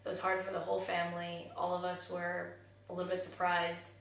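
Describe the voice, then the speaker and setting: A young woman from the United States and Jamaica speaking candidly in a personal vlog, halting and restarting as she reflects. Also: lowish voice, completely flat delivery, creaky. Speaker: vlogger. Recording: very echoey room, voice from far off the mic, faint noise.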